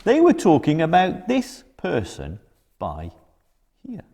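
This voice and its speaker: A man presenting a children's church club, telling a Bible story gently and expressively. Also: fairly high pitch, wildly swooping pitch, slow pace, gravelly, husky, long reverb tail.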